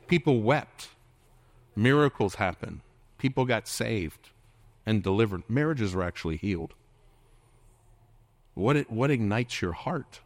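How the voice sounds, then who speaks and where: Unhurried and animated, a lowish-voiced man preaches from the pulpit, pausing often, recorded with no room sound. In his sermon he keeps asking the congregation questions and slips into playful mimicry.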